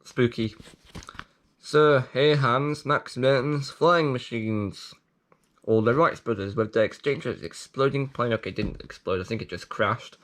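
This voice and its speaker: A man hosting a video, reading a leaflet aloud with jokey commentary, playful and prone to sudden excited outbursts. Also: medium pitch, measured pace. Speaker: video host.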